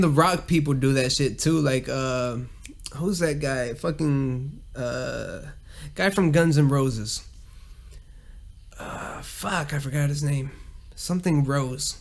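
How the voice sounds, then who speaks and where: A man's voice: a little high, vocal fry. A man hosting a casual solo podcast, rambling and cursing a lot and laughing at his own jokes. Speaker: podcast host.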